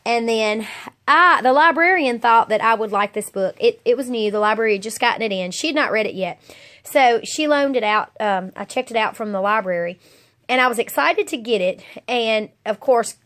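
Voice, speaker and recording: Here a homeschooling mom vlogger, a woman in her forties, chats casually while showing off her house from the inside. Her voice sits at medium pitch and is a bit bright, though her head is stuffy from a cold, and she rambles with a few ums.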